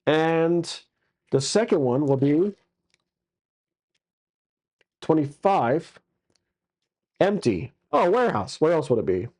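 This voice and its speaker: Mellow-voiced man narrating a solo tabletop game. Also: fairly high pitch, very animated, takes it slowly, long pauses. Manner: casual, crude jokes, many fillers.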